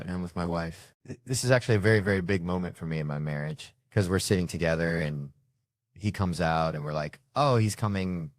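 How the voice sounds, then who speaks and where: A man performing stand-up comedy, telling stories in an animated, profane way. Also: low-pitched, dry recording, studio quality.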